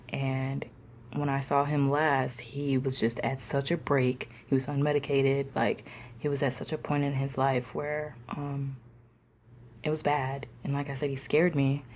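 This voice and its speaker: A young woman telling a personal story in a slangy, conversational way, sometimes dropping into soft whispers. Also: a bass voice, little pitch movement, a little slow, slight background noise. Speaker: discussion participant.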